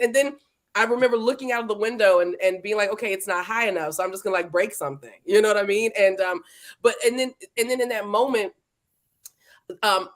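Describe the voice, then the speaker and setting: A woman hosting a live interview stream, chatting casually and playfully and greeting viewers by name. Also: mid-range voice. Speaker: livestream host. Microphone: livestream setup.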